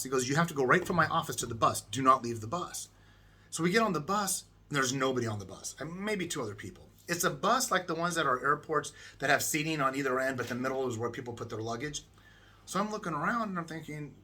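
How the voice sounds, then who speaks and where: Slightly rough and on the high side, this middle-aged man from the United States recounts a trip in a relaxed way. He's animated and does voices for the characters in his story.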